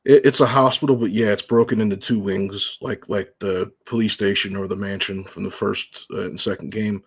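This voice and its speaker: Male interview guest, lowish voice, laid-back and rambling. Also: fairly even intonation, moderate pace, slightly rough. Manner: easygoing, rambling, many fillers. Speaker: guest, horror recap creator. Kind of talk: casual chat.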